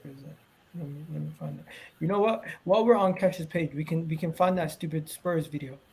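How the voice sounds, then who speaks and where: A man hosting a casual football podcast, animated and quick to jump in, calling on viewers to like the video. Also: fairly high pitch, creaky, slightly rough. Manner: animated, talks over others, asks the audience to engage. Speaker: podcast host.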